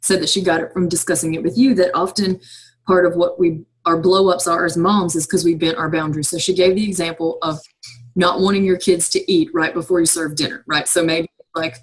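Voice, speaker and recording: A woman hosting a casual conversation about parenting, chatty and quick to laugh, heard over a low-quality video call. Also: steady tone, slightly rough. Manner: chatty, laughs often, acts out scolding her kids. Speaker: host.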